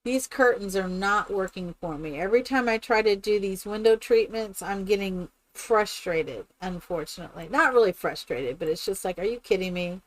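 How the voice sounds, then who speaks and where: A woman's voice: mid-range voice, moderate pace, hardly any pauses. A woman chatting casually and rambling with many fillers while she builds in a game on a live stream.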